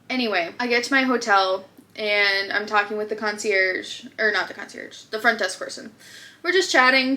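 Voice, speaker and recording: A woman's voice: medium pitch, pushed and bright. A woman with a Minnesotan accent, telling a story in casual chat as a crochet vlogger, chatty and full of fillers. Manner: chatty, filler-heavy storytelling, exasperated rant.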